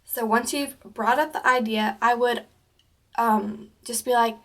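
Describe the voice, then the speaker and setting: A woman's voice: on the high side, fairly even intonation, measured pace, fairly bright tone. A teenage girl giving casual advice to camera, talking chattily with lots of "like" and "um", and acting out the conversations she describes. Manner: chatty, peppered with "like" and "um"; acts out quoted conversations in livelier voices. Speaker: vlogger.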